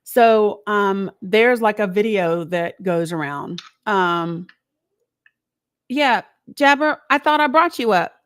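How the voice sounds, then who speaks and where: A woman's voice: mid-range voice, animated, slow pace, fairly bright tone, clean tone. A woman hosting a live call-in show, talking in a conversational, reflective way and asking her listeners rhetorical questions. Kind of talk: encouraging live-stream talk.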